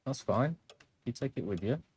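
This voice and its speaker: A man's voice: mid-range voice, lively intonation, normal speed, darkish tone, slight background noise. A man doing casual gameplay commentary on a live stream, rambling and self-deprecating as he chats.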